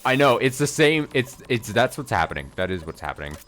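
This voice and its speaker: Lively exasperated male game streamer. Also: mid-range voice, brisk, soft background music. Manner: exasperated, swearing, talking to himself. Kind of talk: live gameplay commentary.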